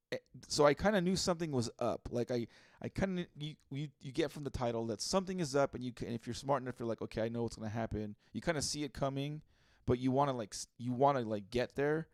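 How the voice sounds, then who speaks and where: A man's voice: mid-range voice, a little fast, no room sound, studio quality. A man co-hosting a podcast in loose casual chat, rambling with many restarts and swearing freely. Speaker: podcast co-host.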